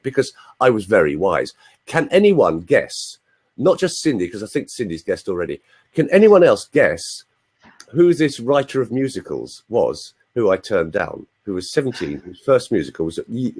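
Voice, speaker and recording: Older english man, low husky voice, playful chatty guest, video call. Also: sing-song, brisk, darkish tone. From London, England. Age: 60s. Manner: playful, chatty, teasing the audience with asides. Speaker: voice coach, interview guest. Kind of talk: anecdotal interview storytelling. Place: live online video chat room.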